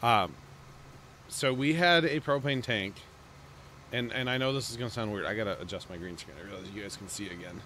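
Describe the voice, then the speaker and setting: A man's voice: lowish voice, a little fast, bright, forceful tone, slight background noise. Chatty man streaming a farming game. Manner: rambling, chatty, thanks subscribers. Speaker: streamer host. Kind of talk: casual livestream chat.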